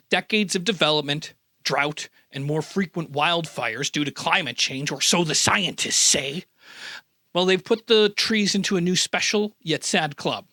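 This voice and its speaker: A high, bright male voice that leaps all over the place, delivering comedic news commentary with sarcasm and theatrical mock outrage. The sound is very dry and close, with no room around it. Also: no room sound. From American Midwest. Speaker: news host.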